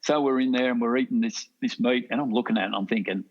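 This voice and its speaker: A man's voice: medium pitch, quick pace, lo-fi sound. A middle-aged Australian man chatting as a podcast guest, rambling through anecdotes and laughing often. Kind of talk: casual storytelling chat.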